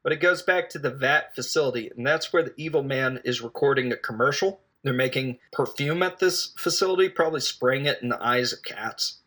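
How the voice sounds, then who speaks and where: A man's voice: mid-range voice, brisk, few pauses, a bit bright. A man casually retelling a film's plot as a reviewer, rambling and hesitant, with jokes along the way. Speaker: film reviewer. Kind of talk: casual spoken film recap.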